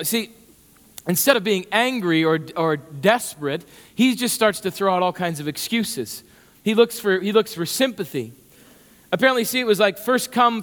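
Casting: a high-pitched male pastor, chatty and animated, with a long hall echo. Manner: conversational, repeats words, gets animated. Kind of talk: sermon.

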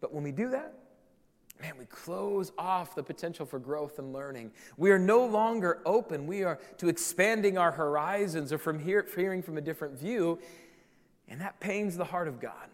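A man's voice: on the high side, expressive, moderate pace, in a large hall. A man preaching a sermon as pastor, earnest and repeating key phrases for emphasis.

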